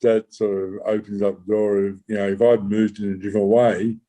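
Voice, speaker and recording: A man, a former undercover cop, recounting a true story in an interview, halting with many restarts and swearing casually. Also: fairly low pitch, level tone, dark tone, low-quality recording. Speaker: former undercover police officer.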